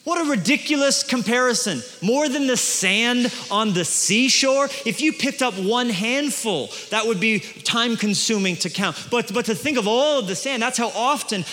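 Male pastor, middle-aged, high bright tenor, emphatic sermon delivery, large reverberant church. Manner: emphatic preacher, swings from hushed to booming. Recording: long hall reverb.

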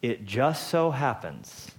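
A male pastor preaching a sermon in a playful, joking storytelling way, with quick asides to the congregation. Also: mid-range voice, big pitch swings.

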